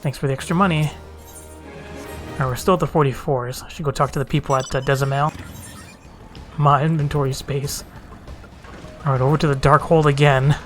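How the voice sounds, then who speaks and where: A man hosting a let's play, muttering casual commentary about quests and inventory to himself. His voice sits a bit high, and game music plays faintly underneath. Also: fairly even intonation, fairly quick, pauses often, fairly bright tone.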